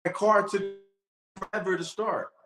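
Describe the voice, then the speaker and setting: A man's voice: high-pitched, steady tone, normal speed, fairly bright tone, faint music behind, voice pushed up. A man voicing a frustrated everyday man who complains about his bad day, in a whiny, rising voice, in a roomy space. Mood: complaining.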